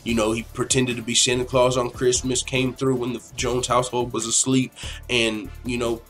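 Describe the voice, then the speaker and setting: A man's voice: medium pitch, little pitch movement, normal speed, a bit bright, faint music behind. A man in his twenties hosting a casual podcast Q&A, talking in a rambling, opinionated way and swearing freely. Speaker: podcast host.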